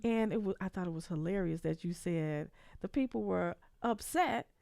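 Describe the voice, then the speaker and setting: A woman's voice: lowish voice, normal speed, creaky, mellow, no echo. A woman hosting an interview, an eager, encouraging listener. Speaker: host.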